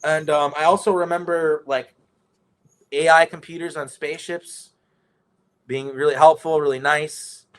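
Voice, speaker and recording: A man's voice: a little high, flat delivery, unhurried. A man telling a rambling story in casual conversation, swearing often and restarting his sentences. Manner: rambling, profane, many restarts.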